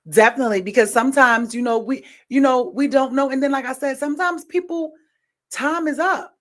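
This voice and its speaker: A woman podcast host in casual commentary, animated and preachy, rambling with slang. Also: medium pitch.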